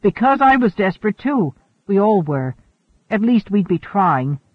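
A stubborn, commanding starship captain, read by a man. The voice sits high and comes through a narrow, phone-like band. The room is dry. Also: big pitch swings, unhurried, dry recording, heavily acted. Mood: determined.

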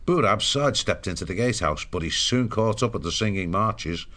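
A man narrating an audiobook in a steady, measured storytelling voice. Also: on the low side.

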